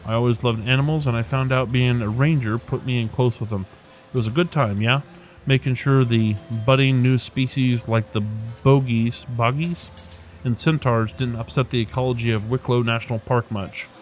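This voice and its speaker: A gruff ex-ranger woman with an Irish lilt, blunt and wry, full of folksy slang, as a man puts her on. She speaks at a middling pitch over faint game music in the background. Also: steady tone, brisk, natural voice. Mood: chatty. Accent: Irish, put on.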